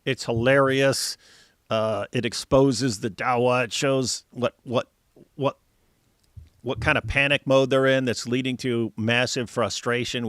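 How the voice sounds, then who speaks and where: A man hosting a casual panel chat, blunt and mocking, reading out viewer comments with animated asides. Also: medium pitch, dry recording. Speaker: show host.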